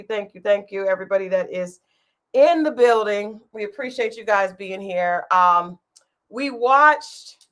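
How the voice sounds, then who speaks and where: A woman's voice: medium pitch, fairly bright tone. A woman co-hosting a live-streamed chat show, talking casually, laughing often and trailing off mid-thought. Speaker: podcast co-host.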